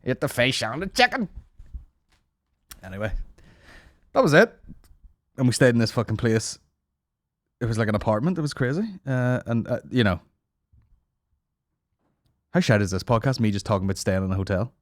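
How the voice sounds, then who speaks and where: A man's voice: lowish voice, brisk, pauses often, no room sound, clean studio sound. A man, hosting a comedy podcast and telling a rambling, mocking, sweary story in casual chat. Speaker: podcast host.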